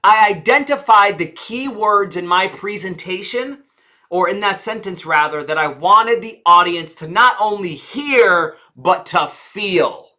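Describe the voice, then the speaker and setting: A man teaching public speaking, who punctuates points with dramatic stress, rhetorical questions and sudden drops to a low, soft voice. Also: expressive, a little slow. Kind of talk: presentation skills lesson.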